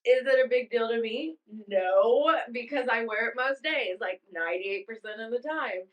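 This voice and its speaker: A woman's voice: a little high, normal speed, muffled recording. A woman co-hosting a casual chat podcast, chatty and laughing often through her stories. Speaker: podcast co-host.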